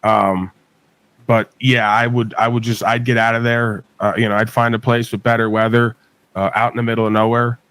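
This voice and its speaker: A man's voice: medium pitch, flat delivery, moderate pace, fairly bright tone, clean tone, no room sound. A man from New York hosting a live stream, talking emphatically with frequent swearing and ranting. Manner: profane, emphatic, rants. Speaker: livestream host.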